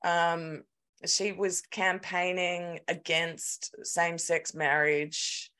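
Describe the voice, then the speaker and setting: An Australian woman co-hosting a podcast, telling a story in an animated, sweary, casual way. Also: on the low side, very slow, smooth. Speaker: podcast co-host. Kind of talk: casual chat.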